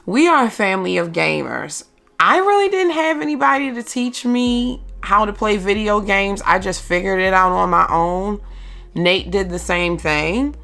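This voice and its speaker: Slow-talking mother with a gravelly voice. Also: fairly low pitch, fairly bright tone. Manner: slow, halting, emotional with many ums. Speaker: mother vlogger. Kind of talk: candid personal vlog.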